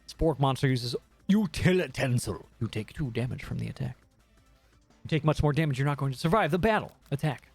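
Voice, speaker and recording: A man's voice: mid-range voice, brisk, gravelly, breathy edge, no room sound, soft background music. A man streaming a dating game, reading the text aloud with jokey, swearing commentary. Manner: animated, jokey, swears freely.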